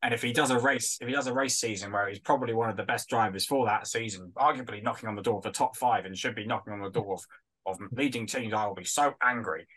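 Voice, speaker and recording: Bright-toned joking podcast man. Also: on the low side, quick pace, slightly rough. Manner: jokey, teasing, animated storytelling. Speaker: podcast co-host. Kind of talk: casual podcast chat.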